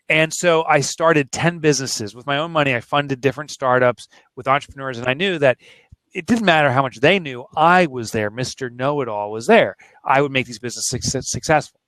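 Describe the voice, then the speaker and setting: A man's voice: a little high, a bit bright, no room sound. A man in his forties, an author being interviewed, telling a candid personal story in an earnest, emotional, plain-spoken way. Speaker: author and guest.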